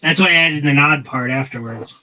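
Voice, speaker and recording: A man's voice: fairly high pitch, fairly quick, sharp tone, poor audio. A man playing in a tabletop game, explaining his character's moves in a plain, casual way. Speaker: player.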